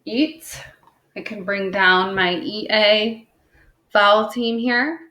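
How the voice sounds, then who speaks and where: With a medium pitch, fairly even intonation, and a sharp tone, this woman teaches phonics to second graders. She taps out syllables and sounds words slowly and patiently, checking "okay?" after every point, in a room with noticeable echo.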